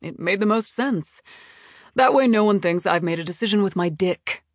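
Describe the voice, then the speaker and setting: A woman's voice: medium pitch, moderate pace, no echo, lightly acted. Brief: woman reading a patronizing male TV boss, impatient and defensive, dry close audiobook sound. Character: smooth, impatient male TV executive boyfriend.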